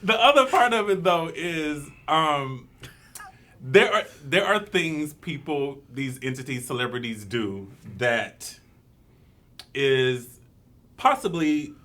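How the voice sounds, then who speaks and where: A man hosting a casual discussion, playful and quick to laugh. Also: a little high. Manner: playful, laughing, animated bursts.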